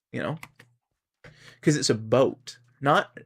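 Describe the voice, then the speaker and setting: A man's voice: mid-range voice, expressive, measured pace, pauses often, a bit bright, husky. A man with a Canadian accent chatting casually while streaming a game, rambling and musing aloud. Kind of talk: casual gaming stream chat.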